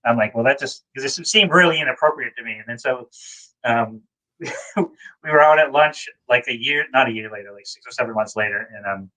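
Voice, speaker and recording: A man's voice: medium pitch, a little fast, pushed and bright, poor audio. A man telling a rambling, self-deprecating story in a casual chat, over a video call. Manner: rambling, many fillers and restarts, self-deprecating. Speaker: guest.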